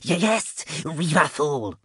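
A man voicing a huge, menacing male rat demon with a high, growling, drawn-out delivery. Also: very animated, sharp tone, husky, no echo, clean studio sound, heavily acted.

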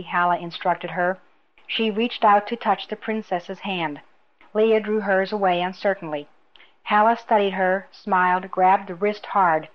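Female audiobook narrator, steady even reading, storybook style, muffled lo-fi recording. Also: medium pitch, normal speed. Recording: dull lo-fi recording.

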